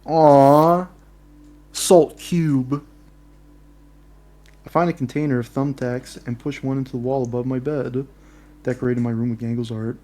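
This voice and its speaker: A man's voice: mid-range voice, flat delivery, quick pace, warm tone. A man reading a story game aloud, plain first-person narration with offhand asides.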